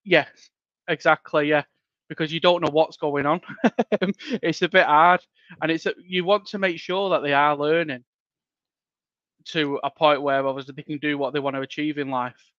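Man, guest dad, lively storyteller, fairly high voice, muffled dry audio. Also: moderate pace, pauses often, dry recording. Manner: laughs often, animated retelling. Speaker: podcast guest, home-educating father. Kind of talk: casual interview chat. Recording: dull lo-fi dry sound.

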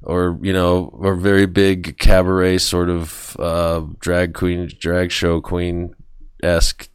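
A man hosting a casual podcast chat, animated and laughing often, acting out phone calls in funny voices. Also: deep voice, takes it slowly, clean tone, dry recording, studio quality.

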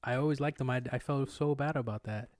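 A man's voice: medium pitch, brisk, no echo, studio quality. A young man co-hosting a podcast, telling rambling, slangy stories and acting out quotes with swearing. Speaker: podcast co-host. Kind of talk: casual storytelling chat.

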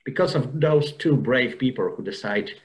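A man's voice: medium pitch, lively intonation, normal speed, a little mellow, rough recording. Earnest man telling an emotional story. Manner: earnest, emotional, with frequent restarts and repeated words. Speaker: podcast guest. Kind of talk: personal storytelling in an interview.

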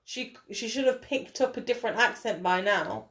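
Higher-voiced woman complaining. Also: expressive, normal speed, a bit bright. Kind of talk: casual film review chat.

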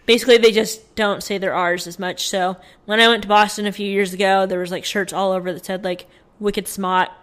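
Give me a woman podcast co-host casually reading out news stories, mid-pitched and chatty. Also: fairly even intonation, quick pace, hardly any pauses, fairly bright tone. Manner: chatty, reads from notes with fillers.

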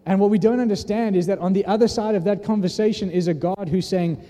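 A man's voice: high-pitched, fast, hardly any pauses, mellow. A man preaching a sermon in an earnest, conversational way, often restarting his sentences. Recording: long hall reverb.

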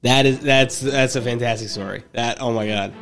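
A man's voice: medium pitch, normal speed, a bit bright. A man with a mid-range voice co-hosting a casual podcast. He reacts with exclamations of disbelief and plenty of swearing. Faint music plays underneath. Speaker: podcast co-host.

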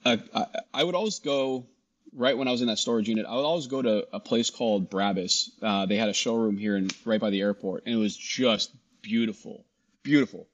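Husky low-voiced man telling a story. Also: brisk, highs cut off. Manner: animated, quotes people in dialogue, frequent restarts. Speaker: guest, shop founder. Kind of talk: casual storytelling interview.

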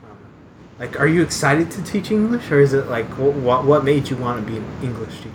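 A man's voice: medium pitch, a little fast, rough recording. A man chatting casually as a host, rambling with lots of fillers and restarts and poking fun at himself. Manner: rambling, self-deprecating, many fillers and restarts. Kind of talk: casual chat. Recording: steady background noise.

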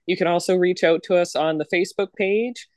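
A woman's voice: fairly low pitch, fairly quick, darkish tone, no room sound, clean studio sound. A woman co-hosting a podcast in casual chat, joking about herself and laughing often. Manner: jokey, laughs often, self-deprecating. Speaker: podcast co-host.

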